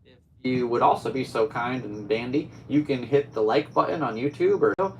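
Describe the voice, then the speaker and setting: A man's voice: medium pitch, normal speed, slight background noise, rough recording. A man hosting his own podcast alone, talking in a rambling, easygoing way with upbeat sign-offs. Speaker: podcast host. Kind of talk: casual solo podcast chat.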